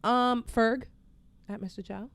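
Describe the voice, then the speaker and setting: Gravelly-voiced young woman, podcast guest, animated storyteller who acts out every quote. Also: fairly high pitch, a little slow, no echo. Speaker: podcast guest, nightlife figure. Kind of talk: casual storytelling chat.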